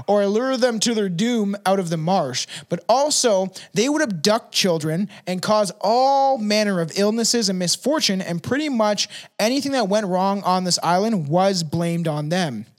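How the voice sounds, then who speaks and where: A man with a notably high voice trades stories on a podcast with a co-host. He laughs easily, swears freely and keeps the chat loose and animated. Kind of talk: casual chat.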